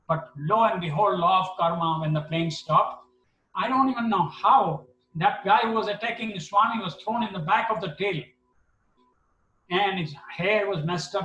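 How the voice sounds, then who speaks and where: Animated storyteller man in an echoey hall. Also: sits high, slight background noise. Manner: animated, acts out dialogue. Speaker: speaker at a devotional gathering. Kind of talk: personal storytelling talk. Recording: echoey hall, mic at a distance.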